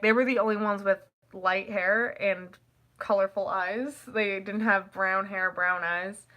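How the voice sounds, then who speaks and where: A teenage girl chatting casually to the camera, rambling and packing her talk with "like" and quick laughs. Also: medium pitch, pushed and bright. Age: teens. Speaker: vlogger.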